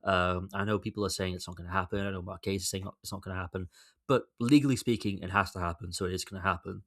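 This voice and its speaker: A young man runs his solo podcast in a low, steady voice, talking fast. His casual commentary rambles and loops back over his own sentences, sounding exasperated throughout, and he swears freely.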